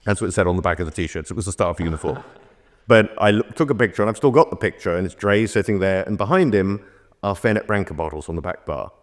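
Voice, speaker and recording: Middle-aged male bar-trade guest, very low voice, loose rambling anecdotes, casual chat. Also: quick pace. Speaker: bartender guest. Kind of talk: casual conversation.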